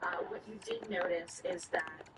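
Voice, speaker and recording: A woman's voice: fairly low pitch, moderate pace. A woman running a tabletop game as game master, narrating scenes and voicing side characters. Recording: noisy, from a distance.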